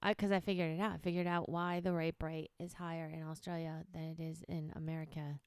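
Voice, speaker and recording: A woman from Chicago with a smooth, clear voice co-hosts a casual podcast and reins in her husband with dry, deadpan jokes. She is bossy and quick to cut him off. She is recorded on a close, dry mic. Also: sits low, no room sound. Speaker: podcast co-host, stand-up comedian. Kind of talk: casual couple's podcast banter.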